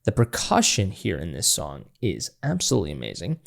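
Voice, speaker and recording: A man's voice: low voice, wildly swooping pitch, fairly quick, vocal fry, fairly bright tone. A man hosting a music reaction channel, analyzing a song in casual, enthusiastic, rambling talk with frequent restarts. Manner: enthusiastic, rambling with restarts, breaks into scatting and laughter.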